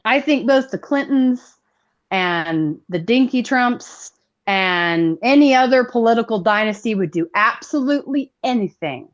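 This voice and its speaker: A woman co-hosting a casual political chat show, talking in an animated, sarcastic way with swearing. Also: on the high side, measured pace, muffled recording. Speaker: podcast co-host.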